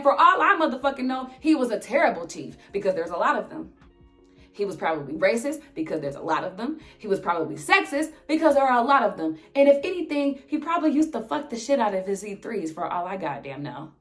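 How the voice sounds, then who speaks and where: A young woman telling a storytime vlog as an animated, sarcastic, heavily profane rant. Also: high voice, fairly quick, soft background music. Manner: exasperated, sarcastic. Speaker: vlogger.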